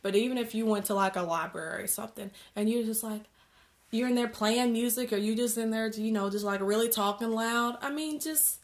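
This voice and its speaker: A woman's voice: a little high, a little fast. A young woman vlogging in a casual, rambling rant with sarcastic asides. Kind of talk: casual ranting vlog.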